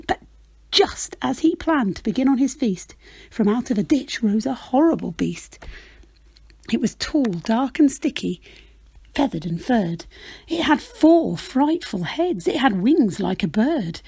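A woman reading a rhyming children's picture book aloud, with a rhythmic, expressive delivery. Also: fairly high pitch, a little slow, creaky, husky, no room sound. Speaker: storyteller.

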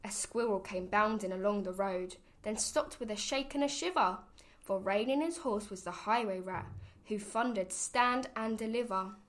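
A woman reading a rhyming children's picture book aloud, with a rhythmic, expressive sing-song delivery. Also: mid-range voice, normal speed. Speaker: storybook reader.

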